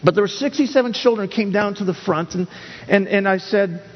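An earnest middle-aged pastor preaches and relates a personal story, often starting over and repeating words. His voice is high-pitched and fairly quick, heard through a dull recording with long hall reverb.

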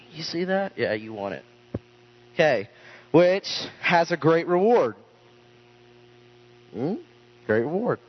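A man giving an informal sermon, rambling with restarts and casual asides. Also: fairly high pitch. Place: small room with listeners. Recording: dull lo-fi sound with mains hum.

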